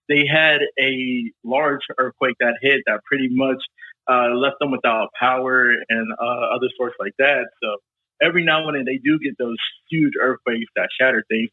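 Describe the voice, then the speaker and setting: A man chatting casually as a podcast guest, telling animated stories and laughing often. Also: mid-range voice, no room sound. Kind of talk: casual chat. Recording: tinny phone-like line.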